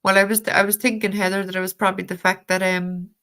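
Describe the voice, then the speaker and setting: Lively Cork Irish woman, bright voice. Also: mid-range voice, fast. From Ireland. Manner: chatty, laughs often, swears casually. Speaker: tarot deck reviewer reading live chat. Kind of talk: casual live-stream chat.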